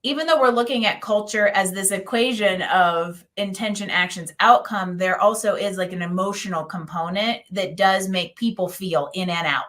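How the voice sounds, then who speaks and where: A woman's voice: mid-range voice, moderate pace, hardly any pauses, a bit bright. A woman hosting a podcast, chatting and chiming in with agreement. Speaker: podcast host. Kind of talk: conversational interview.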